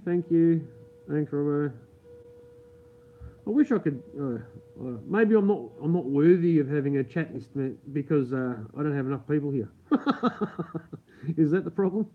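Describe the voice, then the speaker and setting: Late at night at home, this Australian man hosts a live stream and chats loosely with his viewers, cursing freely and laughing often but keeping his voice down. His voice is a little high. It comes through with a tinny, phone-like quality.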